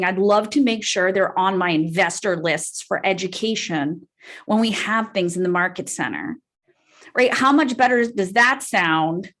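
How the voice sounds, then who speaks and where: A woman's voice: medium pitch, a bit bright. A woman leading a live real estate training call, upbeat and peppering the group with "right?" as she talks.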